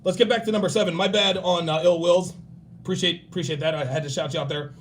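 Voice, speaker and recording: A man in his forties hosting a livestream, giving blunt, profane dating and grooming advice and acting out other people in quick bursts. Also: high-pitched, fairly even intonation, fairly bright tone, slight background noise. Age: 40s. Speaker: livestream host.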